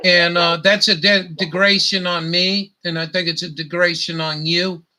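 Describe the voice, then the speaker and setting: A man hosting his own YouTube show, delivering an angry, profane rant with halting restarts and stumbles. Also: high-pitched, flat delivery, bright, forceful tone. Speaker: YouTube host. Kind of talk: profane ranting monologue.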